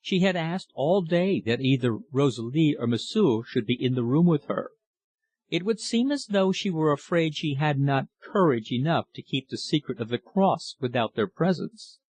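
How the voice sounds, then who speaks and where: A man's voice: a little high, no room sound. Man narrating an audiobook, dry sound. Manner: steady, measured reading.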